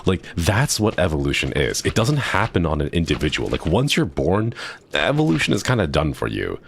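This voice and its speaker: A man streaming a game, chatting casually and rambling into excited tangents. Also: deep voice, a little fast, creaky, a little hiss or hum. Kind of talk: casual chat while gaming.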